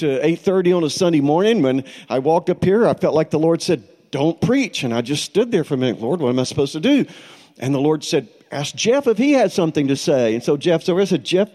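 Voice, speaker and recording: A man's voice: on the high side, a little mellow. A middle-aged man preaching a sermon as pastor, in a conversational storytelling way with light laughs.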